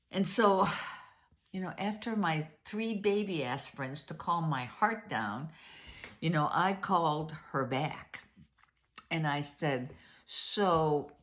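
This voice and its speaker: Older woman telling a story, low voice. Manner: retells conversations, quoting each side. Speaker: vlogger. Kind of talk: casual storytelling.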